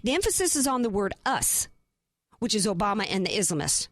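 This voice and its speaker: A woman's voice: medium pitch, very animated, fairly quick, no echo. A woman hosting a talk radio show, delivering an impassioned, emphatic monologue full of rhetorical questions from a studio.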